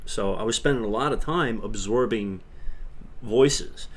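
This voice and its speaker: A man's voice: on the low side, a little slow. A man hosting a casual livestream, rambling and laughing as he answers chat questions. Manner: chatty with frequent restarts. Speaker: livestream host.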